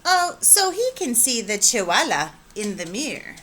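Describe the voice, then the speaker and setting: A woman's voice: a little high, big pitch swings, unhurried, a bit bright, exaggerated voice. A woman voicing three teasing little girl kittens in a sing-song way during a storybook reading. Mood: matter-of-fact.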